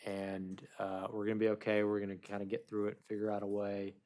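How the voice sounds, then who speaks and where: A man's voice: on the low side, completely flat delivery, brisk, a little mellow. A man giving the town manager's report at a council meeting, speaking off the cuff with fillers and restarts.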